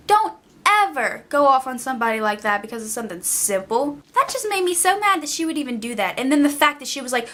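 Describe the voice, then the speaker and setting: A woman's voice: sits high, big pitch swings, a little fast, fairly bright tone. A young woman vlogger ranting casually, exasperated and emphatic, often repeating herself for effect. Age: young adult.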